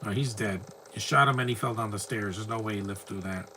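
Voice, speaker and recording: Man, film commentary, casual, opinionated, ranting, sharp bright voice. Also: on the low side, a little fast, a little hiss or hum. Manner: opinionated, ranting, rambling asides.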